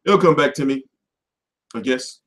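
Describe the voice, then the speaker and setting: A man hosting a boxing livestream from home, ranting off the cuff with lots of swearing, switching between loud outbursts and mumbled asides. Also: mid-range voice, measured pace. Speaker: boxing commentary livestream host. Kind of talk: profane off-the-cuff rant.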